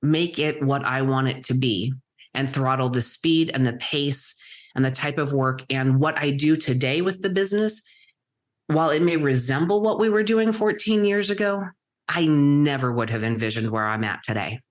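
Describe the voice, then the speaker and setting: A middle-aged woman, a guest entrepreneur, telling her story in vivid present tense with dramatic pauses. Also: low voice. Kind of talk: storytelling interview answer.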